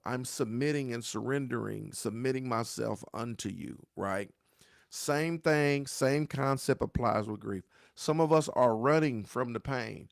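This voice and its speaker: A man's voice: mid-range voice, moderate pace, creaky, no echo, studio quality. A man giving a motivational talk on grief, with a preacher-like cadence, repeating his phrases and calling his listeners "y'all.". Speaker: grief speaker.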